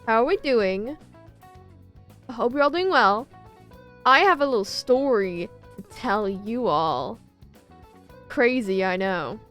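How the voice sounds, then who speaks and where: A woman's voice: fairly high pitch, expressive, takes it slowly, pauses often, fairly bright tone, faint music behind. Bubbly young woman streamer. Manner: bubbly, chatty, playful. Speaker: streamer and artist. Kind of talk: casual stream chat.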